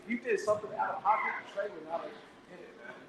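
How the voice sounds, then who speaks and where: A man co-hosting a casual podcast over a phone call, animated, often ending lines with "man". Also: sits high, fast talker, gravelly. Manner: animated, laughs often, says "man" a lot. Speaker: podcast co-host. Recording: faint background noise on a phone call.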